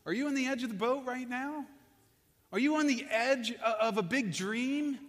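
A man's voice: extremely high pitch, moderate pace, fairly bright tone, voice pushed up. A man preaching, voicing the apostle Peter as an earnest figure who urges his listeners and repeats himself. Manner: earnest, pleading, repeats words. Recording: long echo of a large hall.

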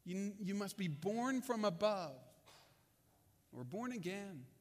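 A man voicing Jesus as a calm, patient teacher in a sermon retelling, speaking softly and lowered. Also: slow pace, long reverb tail.

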